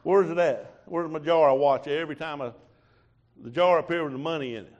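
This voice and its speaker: A man's voice: a little high, a little fast, darkish tone, dull audio. Folksy preacher man. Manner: folksy storytelling with quoted dialogue. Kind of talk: sermon testimony.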